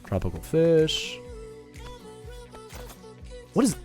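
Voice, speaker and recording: A man's voice: a little high, huge pitch swings, drawn-out words, darkish tone, soft background music. A young adult man streaming a game and telling a story in a casual, profane, rambling way. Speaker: gaming streamer. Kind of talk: casual storytelling while gaming.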